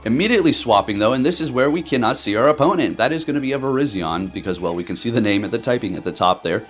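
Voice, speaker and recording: A man giving animated, profane commentary over his own gameplay as a game video host. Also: fairly low pitch.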